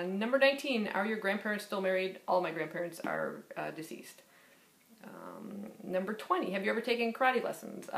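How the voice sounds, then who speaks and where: A woman's voice: medium pitch, vocal fry. A woman in her fifties casually reading through tag questions and answering them in a rambling, filler-heavy way. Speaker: book vlogger. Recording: echoey room.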